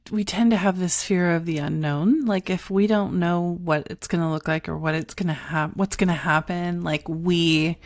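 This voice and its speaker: A woman hosting a podcast interview, slow and searching as she phrases her questions. Her voice sits on the low side. The recording is dry and close, with no room sound. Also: dry recording. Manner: thoughtful, searching, hesitant restarts when asking. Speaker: podcast host.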